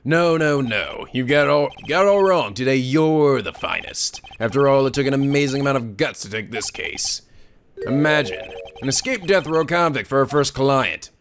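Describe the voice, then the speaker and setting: A man voicing a cool, smug veteran defense attorney in a low, slow, suave and teasing voice, dubbing a video game. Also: expressive, background noise, close to an everyday voice. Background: game music.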